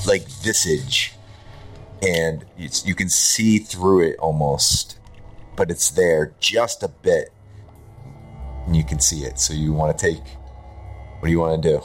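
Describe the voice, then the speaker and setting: Deep-voiced man, game master, relaxed scene narration, faint music underneath. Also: slow, pauses often. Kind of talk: running a tabletop game.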